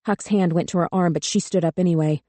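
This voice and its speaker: A woman narrating a thriller audiobook in a measured, grave tone on a close studio mic. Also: on the low side, steady tone, mellow, dry recording. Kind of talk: scripted narration.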